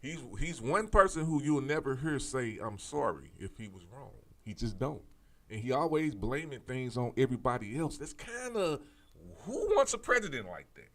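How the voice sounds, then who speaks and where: A man's voice: medium pitch, big pitch swings, moderate pace. A man hosting a political commentary show, talking straight to his audience in a fired-up, preachy way, repeating his points, swearing casually and restarting his sentences often. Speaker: show host.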